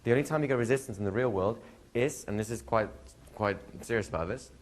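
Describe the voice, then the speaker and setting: A man's voice: lowish voice, fast. A man, a hypnosis instructor, answering a student's question in a live workshop, telling stories, laughing and acting out quoted dialogue. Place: training room with students.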